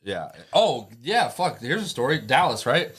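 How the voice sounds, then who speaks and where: A man's voice: medium pitch, very animated, a little slow, a bit bright, slightly rough. A man with an ordinary mid-range voice recalls his early tattoo days, swearing casually. He rambles a bit, with plenty of "like" and "you know.". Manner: laid-back, profane, filler-heavy storyteller. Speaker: tattoo artist. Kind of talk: casual storytelling.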